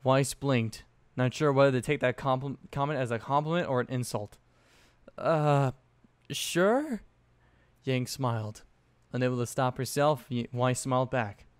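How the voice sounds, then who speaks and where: A young man reads a fan story aloud in a casual, offhand way, breaking off for sweary asides. His voice is mid-pitched and even. The recording is close and dry. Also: moderate pace, clear, resonant tone, no room sound. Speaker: fanfiction narrator.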